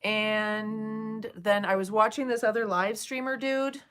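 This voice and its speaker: A woman's voice: medium pitch, steady tone, a little slow, few pauses, a bit bright. A woman streaming live, chatting casually with viewers, swearing freely and soothing them by turns. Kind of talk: casual livestream chat.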